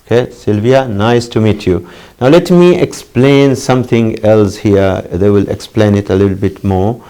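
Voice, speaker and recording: A middle-aged man teaching an English lesson for distance learners, halting with many fillers and lifting his voice to model phrases. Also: warm tone. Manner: pitch jumps up when modeling phrases.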